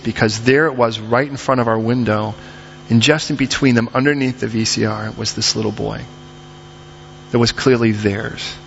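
Middle-aged male pastor, lively sermon storyteller, dull recording. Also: medium pitch, slight background noise. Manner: animated storytelling, acts out voices.

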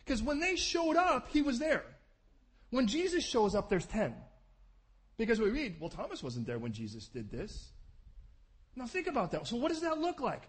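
A man preaching a sermon, telling the story in an animated way and acting out the scenes with quick asides to the congregation. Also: extremely high pitch, breathy edge.

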